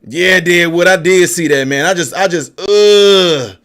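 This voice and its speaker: A man with a high-sitting voice hosts a casual political livestream at normal speed, chatting loosely and replying to viewer comments. He's chatty, laughs a lot, and coos at his dog in soft baby talk.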